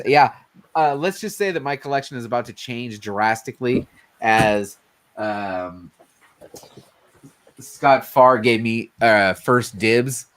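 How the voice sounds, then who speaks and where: A man hosting a casual late-night chat, telling loose stories and acting out the quotes in them. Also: lowish voice. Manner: loose, animated storytelling with acted-out quotes. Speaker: host.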